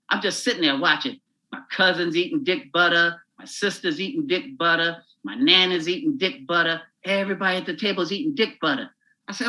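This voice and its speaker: A man, a comedian, telling a crude, animated story while chatting as a podcast guest. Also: high voice, moderate pace, low-quality recording.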